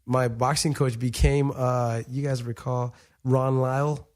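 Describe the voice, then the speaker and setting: Sex: man. Role: podcast guest, former boxer. Pitch: middle of the range. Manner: loose, profane, animated storytelling. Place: studio. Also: measured pace. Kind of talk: casual interview storytelling.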